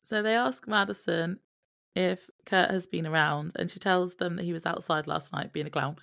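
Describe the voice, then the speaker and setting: A woman's voice: fairly low pitch, steady tone, normal speed, vocal fry, a bit bright, no echo, studio quality. A woman co-hosting a casual podcast, laughing often as she recaps scenes. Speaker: podcast co-host. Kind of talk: casual chat recapping a TV episode.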